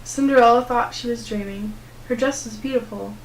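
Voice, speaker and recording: A teenage young woman reading a children's storybook aloud in a steady, clear narrating voice. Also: fairly high pitch, brisk, a little hiss or hum, poor audio. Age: teens. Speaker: student reader.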